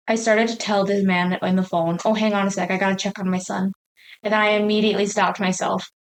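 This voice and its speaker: A woman's voice: mid-range voice, rough recording. A woman hosts a podcast in a loose, conversational way. She reads a listener's story aloud without having read it first and reacts to it with plain sympathy. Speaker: podcast host. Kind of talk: casual chat and reading stories aloud.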